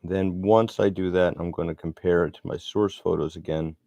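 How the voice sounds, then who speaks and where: A man's voice: low voice, steady tone, normal speed, vocal fry, warm tone, no room sound, dull audio. A middle-aged man chatting casually and rambling as he narrates his sculpting work. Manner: rambling, chatty, self-deprecating. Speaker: sculptor vlogger.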